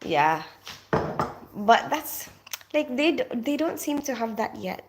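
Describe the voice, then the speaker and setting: A woman's voice: a little high, sing-song, slow pace, background noise. A woman who grew up in the Philippines, casually chatting on a live stream, reading out comments and greeting viewers by name while laughing often. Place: home in North London.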